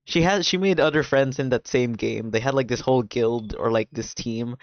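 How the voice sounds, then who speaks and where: A man chatting on a stream and retelling a show's plot in a lively, excitable way, cursing freely and leaning on "like". His voice sits at an ordinary middle pitch. The sound is dry and a little dull, as from a modest home mic. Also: moderate pace, dry recording. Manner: animated, swears a lot, fills with "like". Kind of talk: casual chat, recapping a drama plot.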